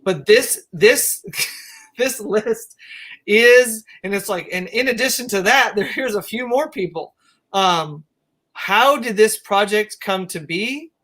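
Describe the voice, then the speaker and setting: Halting, rambling woman host. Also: mid-range voice, lively intonation, a bit bright. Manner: halting, self-interrupting questions. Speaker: interview host. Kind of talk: casual interview chat.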